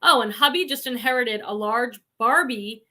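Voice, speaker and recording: A woman's voice: on the high side, normal speed, bright, forceful tone. A woman with a Boston accent hosting a casual livestream, chatting and reading viewer comments aloud. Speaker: reseller livestream host.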